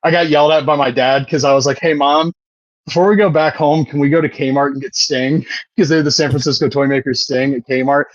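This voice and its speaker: A man's voice: a little high, fairly even intonation, fairly quick, no echo, highs cut off. A man in his thirties co-hosting a podcast, chatting casually, rambling and swearing, often laughing. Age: 30s. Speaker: podcast co-host. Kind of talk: casual chat.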